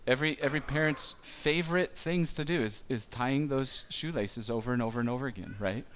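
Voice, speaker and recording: A man preaching to a congregation in a casual, talk-like style. His middle-pitched voice moves easily, and he trips over a word now and then as he acts out quick lines of dialogue. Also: fairly bright tone. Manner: conversational, with small stumbles and quick acted-out quotes. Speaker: pastor. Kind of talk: sermon.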